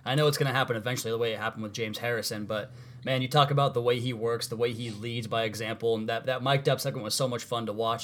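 Male podcast host, rapid casual delivery, chatty sports talk. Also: medium pitch. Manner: fast, conversational, self-correcting.

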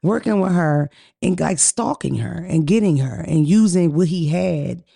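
A woman co-hosting a podcast in casual chat, telling stories in a blunt, profane, animated way. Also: on the low side, a little slow, gravelly, husky, no room sound, clean studio sound. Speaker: podcast co-host.

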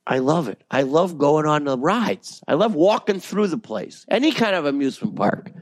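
A man's voice: fairly high pitch, lively intonation, normal speed, no room sound. A man, a voice actor, chatting loosely in an interview, rambling and joking with frequent restarts. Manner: rambling, jokey, many restarts. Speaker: voice actor guest. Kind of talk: casual interview chat.

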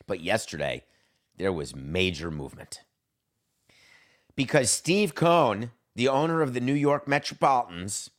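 A middle-aged man hosting a solo sports podcast, talking in a jokey, theatrical way and swinging his pitch up for emphasis. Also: fairly bright tone. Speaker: podcast host.

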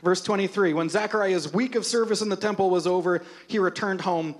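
A male pastor with a high, bright-toned voice delivers a sermon. He tells scripture stories with playful humor and lively energy, then turns earnest as he speaks to the congregation. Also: brisk. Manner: animated, humorous storytelling of scripture.

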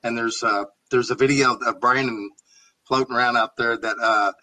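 A man with a bright, sharp tone co-hosts the interview, telling an anecdote and chuckling along the way. His pitch sits in a middle range. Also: fairly even intonation, normal speed, rough recording. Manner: storytelling, chuckling. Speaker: co-host. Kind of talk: interview conversation.

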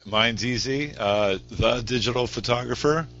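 A man's voice: medium pitch, measured pace, a bit bright, faint music behind. A man who is a guest photographer, chatting in a laid-back way with lots of fillers. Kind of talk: casual panel chat. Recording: slightly dull audio with faint noise.

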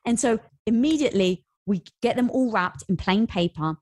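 Guest, woman, 40s, husky, dry studio sound, animated storyteller. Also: fairly high pitch, normal speed, dry recording. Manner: animated storyteller, acts out quotes. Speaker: podcast guest, entrepreneur. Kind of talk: casual interview storytelling.

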